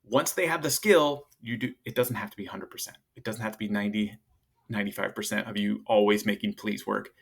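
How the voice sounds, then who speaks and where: A man's voice: fairly even intonation, brisk, gravelly, husky. Chatty man giving parenting advice. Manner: loose and chatty, acts out parent and kid lines in a higher voice. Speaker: parenting coach. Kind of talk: casual advice talk to camera.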